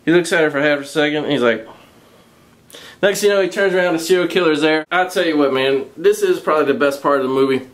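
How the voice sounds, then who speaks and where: A man giving a casual, profanity-laden movie review, recounting the plot in a crude, mocking, animated way and laughing along. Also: a little high, quick pace.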